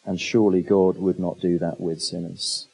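A man's voice: low-pitched, level tone, normal speed, creaky, mellow, breathy edge, rough recording. A man preaching a conversational sermon, asking the listeners questions and adding humorous asides. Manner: conversational, asks rhetorical questions. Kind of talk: expository sermon.

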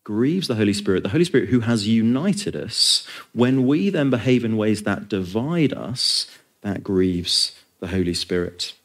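Preacher, man, very low voice, earnest emphatic sermon delivery with casual asides. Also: lively intonation, unhurried.

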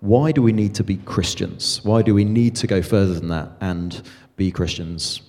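A man asking questions in a conversational Q&A, thoughtful and measured. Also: low voice, a little mellow. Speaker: interviewer posing questions. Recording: long hall reverb.

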